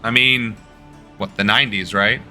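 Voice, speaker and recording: A man's voice: lowish voice, steady tone, normal speed, sharp tone, soft background music. A young man chatting casually with his live-stream audience while playing a game, loose and joking. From United States. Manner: loose, joking, talking to chat. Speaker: political streamer.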